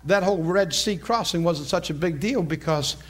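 A male preacher delivering a sermon in an animated, folksy manner, laughing often. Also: fairly high pitch, moderate pace.

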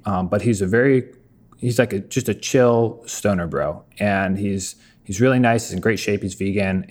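A man with a fairly low voice hosts a relaxed conversation, wandering through an anecdote before getting to his question. He speaks easily, thoughtfully, as if among friends. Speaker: podcast host. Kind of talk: casual interview chat.

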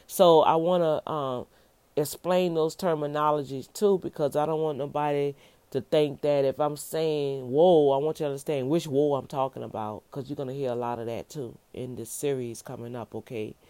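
This woman in her fifties is a minister giving an informal devotional teaching. Her deep voice holds a steady, dark tone at normal speed, and she's emphatic and folksy, repeating words for stress. The recording is dry.

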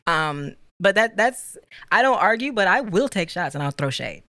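A woman's voice: medium pitch, expressive, normal speed, pushed and bright, dry recording. A woman chatting casually with her partner on a podcast, teasing him playfully and laughing often. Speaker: podcast co-host. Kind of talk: casual couple chat. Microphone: studio mic.

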